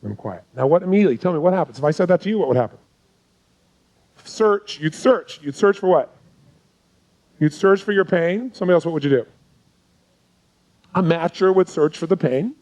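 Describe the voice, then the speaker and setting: A man's voice: high voice, brisk, long pauses, a little mellow, rough recording. A man teaching a live seminar as a coach, talking intensely and firing rhetorical questions at his audience.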